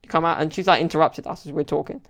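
Man, podcast host, casual rambling chat, gravelly, monotone. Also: fairly high pitch, rapid-fire. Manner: rambling storyteller, many fillers.

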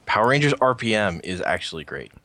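A man's voice: lowish voice, big pitch swings, fast, bright, forceful tone, no echo. A man co-hosting a podcast, chatting casually and rambling with frequent restarts. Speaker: podcast co-host. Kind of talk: casual chat.

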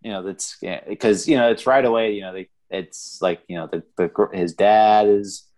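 Deep-voiced man rambling about a movie. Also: fairly even intonation, moderate pace, darkish tone. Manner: rambling, many fillers and restarts. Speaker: podcast co-host. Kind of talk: casual movie review chat.

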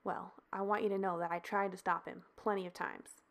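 A woman's voice: medium pitch, flat delivery, fairly quick, lightly acted. A woman voicing an intense, sincere man who talks earnestly and reassuringly.

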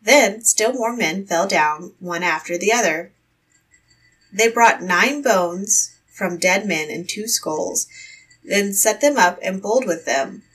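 A woman reading a fairy tale aloud in a measured storytelling manner. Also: mid-range voice, a bit bright, husky, recorded from a distance, rough recording.

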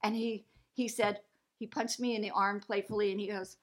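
A middle-aged woman, a guest, telling a story in a lively way and acting out the voices of the people she quotes. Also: moderate pace. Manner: lively, acts out quoted voices with big pitch jumps. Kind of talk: animated storytelling.

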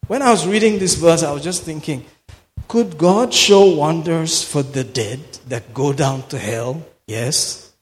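Slow preacher man in an echoing hall. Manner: emphatic, swinging from low murmurs to sudden shouts. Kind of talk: sermon. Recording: long hall reverb.

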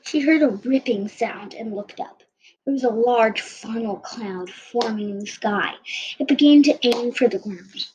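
A woman's voice: on the high side, measured pace, a little mellow, a little hiss or hum. Woman reading a storybook aloud. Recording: dull lo-fi recording.

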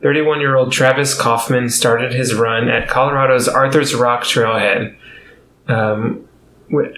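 A man's voice: medium pitch, steady tone, a little slow, a bit bright, slight background noise. Man, podcast host, casual storytelling, frequent laughter, echoey room. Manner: laughs often, rambling with fillers. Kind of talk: casual comedic podcast chat.

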